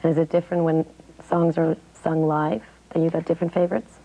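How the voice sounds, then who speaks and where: Woman interviewer, really low mellow voice, friendly curious questions. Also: flat delivery, fairly quick, rough recording.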